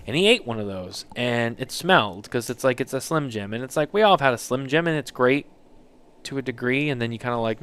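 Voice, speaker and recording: A man co-hosting a casual talk show, telling animated, rambling anecdotes. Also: medium pitch, fairly quick, clear, resonant tone. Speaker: podcast co-host. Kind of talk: casual chat, storytelling.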